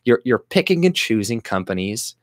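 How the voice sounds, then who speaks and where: A man's voice: medium pitch, very animated, normal speed, dry recording, studio quality. A Canadian man ranting casually about politics, profane, with frequent restarts and mocking quoted voices. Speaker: political commentary vlogger.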